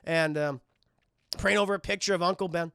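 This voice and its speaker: A man recapping a film for a live chat in an excitable, profane way, constantly addressing the viewers. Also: high-pitched, fairly quick, smooth, dry recording, clean studio sound. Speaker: film reviewer and streamer.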